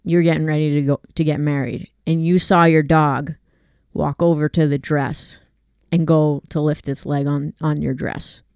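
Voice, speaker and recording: Low, smooth-voiced woman explaining. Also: steady tone, moderate pace, darkish tone, dry recording, studio quality. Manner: conversational, explains with hypotheticals, many fillers like "like". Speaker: dog walker and trainer, podcast host. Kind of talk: casual chat.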